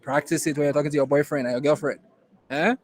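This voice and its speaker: A man with a Nigerian accent gives a classroom lecture in a somewhat high voice. He talks emphatically and repeats key lines for weight. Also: steady tone, quick pace, rough recording. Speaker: innovation program instructor.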